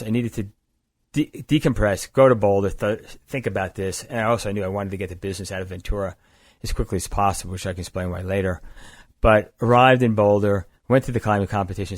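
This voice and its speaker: A man's voice: lowish voice, no echo. An older man, a company founder, telling long stories in an interview, often restarting and correcting himself. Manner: rambling, self-correcting, energetic storyteller. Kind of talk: conversational storytelling interview.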